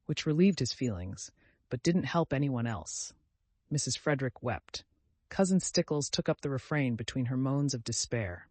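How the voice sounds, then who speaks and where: A man's voice: normal speed, dry recording. Man reading a novel aloud, dry sound. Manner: raises pitch and volume for quoted family members. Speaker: audiobook narrator. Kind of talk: scripted narration.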